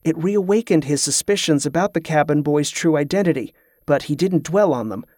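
A man narrating a novel as an audiobook, in a steady, even storytelling manner. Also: fairly high pitch, fairly quick, dry recording, studio quality.

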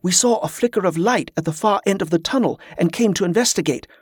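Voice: mid-range voice, fast, husky, no echo, studio quality, pitched above the performer's own voice, lightly acted. An audiobook narrator voicing a polite young man who stammers when startled. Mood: earnest.

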